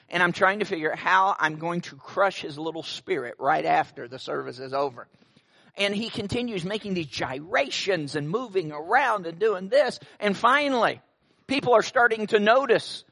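A man's voice: high voice, creaky, bright, forceful tone. A middle-aged male pastor preaching a sermon, telling stories with wry asides.

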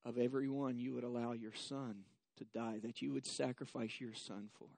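A man preaching a sermon as pastor, slow and measured, building to emphatic repetition and leading the congregation in reciting scripture. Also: mid-range voice, steady tone, vocal fry, a little mellow, no echo.

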